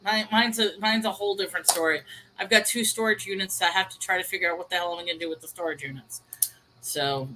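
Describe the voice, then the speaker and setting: Bright-voiced chatty woman on a call. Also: fairly low pitch, fairly quick, a little hiss or hum, low-quality recording. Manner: chatty, storytelling, laughs easily. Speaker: co-host. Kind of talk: casual chat. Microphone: video call.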